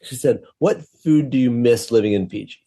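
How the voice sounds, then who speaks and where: A man co-hosting a casual podcast chat, relaxed and chatty, laughing easily. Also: mid-range voice, a little fast, husky. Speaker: podcast co-host.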